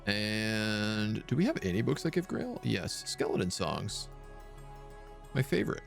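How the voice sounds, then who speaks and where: Brief: male streamer, live gameplay commentary, mid pitch, gravelly fry, lively up-and-down delivery. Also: unhurried, soft background music. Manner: thinking aloud, muttering over choices.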